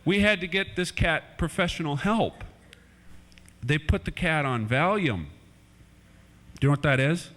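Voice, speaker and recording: A man's voice: fairly high pitch, lively intonation, unhurried, pauses often, a bit bright. A man doing playful family stand-up comedy in a church hall, chatting with kids in the crowd, on an old VHS recording.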